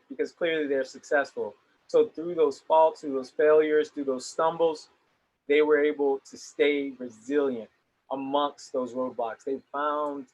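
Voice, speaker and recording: A man's voice: medium pitch, rough recording. A young adult man giving an earnest motivational talk to young people. He often repeats words as he starts his sentences. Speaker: motivational speaker.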